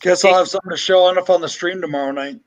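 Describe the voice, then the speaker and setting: A man's voice: high-pitched, steady tone, racing, highs cut off. A man chatting on a livestream video call, swearing freely as he rants about his week. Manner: profane, ranting. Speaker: livestream panelist. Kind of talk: casual group chat.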